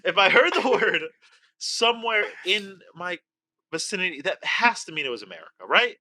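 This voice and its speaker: A young man co-hosting a podcast in casual chat, excitable and loud and swearing freely. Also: high voice, a little fast. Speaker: podcast co-host.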